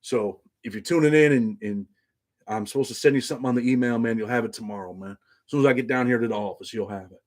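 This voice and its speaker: Man, middle-aged, livestream host, casual loose talk, reads chat comments, medium pitch. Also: fast.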